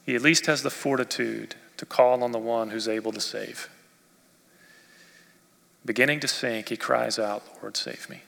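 A male pastor preaching a sermon expressively, rising in force and dropping to near quiet. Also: mid-range voice, steady tone, normal speed, creaky, long pauses. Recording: long reverb of a church hall.

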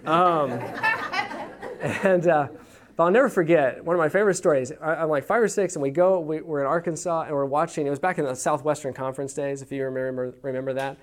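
A man's voice: fairly high pitch, animated, brisk. A man from Texas teaching a church parenting class in an earnest, folksy way, with many restarts as he tells stories. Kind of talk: conversational teaching talk with stories.

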